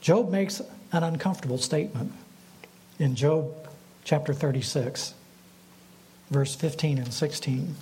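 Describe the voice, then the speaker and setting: A man with a somewhat high voice delivers a sermon at an even, deliberate pace. He asks his listeners questions and lets them sit. A light background hiss runs under the recording. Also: rough recording. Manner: measured preaching with rhetorical questions. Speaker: pastor.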